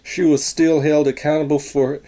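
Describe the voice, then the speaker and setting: A man talking casually and haltingly as he reviews a coin, stopping to correct himself. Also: on the high side, flat delivery, warm tone. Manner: slow, halting, unsure talk with fillers and self-corrections.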